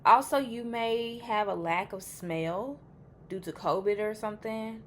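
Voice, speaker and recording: A woman's voice: medium pitch, unhurried, background noise. A woman giving a casual pick-a-card tarot reading. She is chatty and blunt, swears freely, and thinks aloud as she reacts to the cards.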